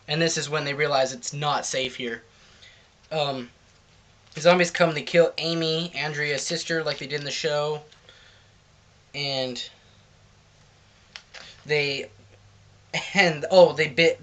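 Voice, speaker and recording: A man's voice: a little high, sharp tone. A man reviewing a comic book in casual chat, rambling loosely through the plot.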